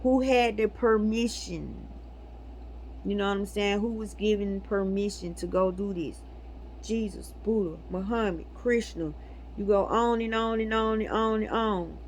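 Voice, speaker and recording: A woman's voice: medium pitch, measured pace, darkish tone. A woman speaks to her viewers in casual, preachy spiritual talk, stressing her points hard and breaking into laughter. Her is loose and conversational. Faint background noise sits under her voice. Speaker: spiritual video host.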